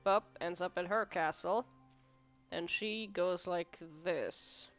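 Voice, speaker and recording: A woman's voice: fairly low pitch, slow pace. A woman streaming a puzzle game, muttering her moves aloud and swearing at mistakes. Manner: mutters while solving puzzles, swears, laughs often. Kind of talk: casual game commentary. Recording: dull lo-fi mic with game music.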